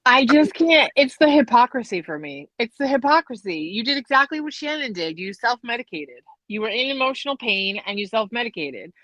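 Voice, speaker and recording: A woman's voice: fairly high pitch, sing-song, a bit bright, no echo, rough recording. A woman guest on a live show, indignantly picking apart a reality TV scene in casual chat, with lots of "like". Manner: indignant, fast-talking, lots of "like".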